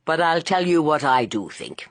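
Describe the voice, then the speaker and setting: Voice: mid-range voice, big pitch swings, moderate pace, no echo. An audiobook reader voicing a kindly, plain-spoken police inspector who talks in a colloquial way. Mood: confiding. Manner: colloquial, good-natured.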